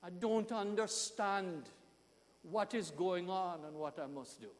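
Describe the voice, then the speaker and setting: A woman's voice: fairly low pitch, slow, in a large hall. A man voicing a tearful, pleading woman churchgoer who repeats herself earnestly.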